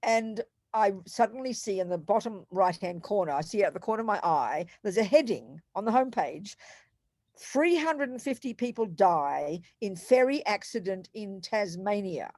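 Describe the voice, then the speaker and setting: Animated Australian woman teaching. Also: mid-range voice, normal speed, no room sound, studio quality. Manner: animated, emphatic, storytelling asides. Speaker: Buddhist teacher. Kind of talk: Buddhist teaching talk.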